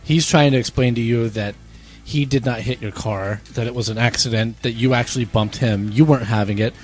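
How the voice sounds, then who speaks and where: A man's voice: mid-range voice, fairly even intonation, a little fast. A young man co-hosting a podcast, telling his side of a story in blunt, profane, teasing chat. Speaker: podcast co-host.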